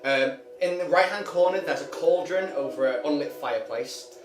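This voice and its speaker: Man, game master, hesitant, ums, echoey, background music. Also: fairly high pitch. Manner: halting, many ums. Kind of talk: narrating a tabletop game. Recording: roomy room with music behind.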